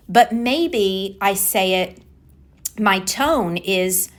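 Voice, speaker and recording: A woman's voice: medium pitch, lively intonation, takes it slowly. Emphatic woman hosting a coaching podcast. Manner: emphatic, repeats key words for effect. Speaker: podcast host and communication coach. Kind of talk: energetic solo podcast talk.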